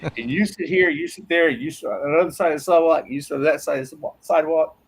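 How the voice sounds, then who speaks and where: A husky, slightly breathy middle-aged man chats casually, telling rambling stories full of swearing. He laughs often and trails off mid-sentence. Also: fairly high pitch, fairly even intonation, quick pace, low-quality recording. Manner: profane, rambling storyteller, laughs a lot. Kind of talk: casual chat.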